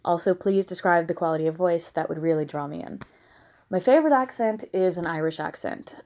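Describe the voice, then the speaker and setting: A woman's voice: fairly low pitch, brisk, a little mellow. Blunt, giggly woman from the American South. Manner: frank, blunt, giggly asides. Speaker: audio creator answering listener questions. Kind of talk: casual question-and-answer monologue. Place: at home with a dog nearby.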